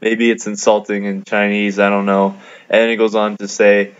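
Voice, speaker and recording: Flat, gravelly young man telling a gaming story. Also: lowish voice, normal speed. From Canada. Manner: laid-back, amused, many fillers. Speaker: gamer narrating a video. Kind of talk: casual storytelling over gameplay. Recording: dull lo-fi mic.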